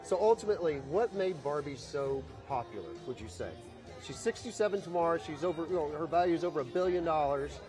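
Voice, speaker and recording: A man reporting live from an event, interviewing a guest, talking quickly with halting restarts and fillers. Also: fairly high pitch, lively intonation. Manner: fast, halting, with many fillers. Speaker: TV field reporter. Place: collectibles show. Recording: music playing behind.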